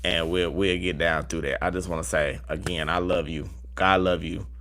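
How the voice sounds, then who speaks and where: A man's voice: deep voice, fairly even intonation, normal speed, a bit bright. A man with a Southern US accent giving a casual tarot reading to his viewers and repeating affirmations in a chanting way. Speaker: tarot reader.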